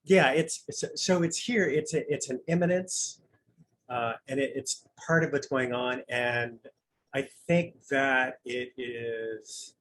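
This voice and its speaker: A man of middle pitch gives an informal Zen dharma talk, thinking aloud in an easygoing, conversational way. He muses his way through ideas and slips in gentle humor. A faint hum sits under his voice. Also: steady tone, slow pace, poor audio. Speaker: Zen Buddhist priest giving a dharma talk.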